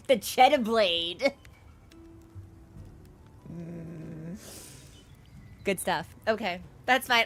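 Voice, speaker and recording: A woman's voice: medium pitch, expressive, slow, pauses often, faint music behind. A woman live-streaming a video game, chatty and rambling, laughing easily as she talks to her viewers. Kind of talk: casual live-stream chat while gaming. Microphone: headphones with a wired mic.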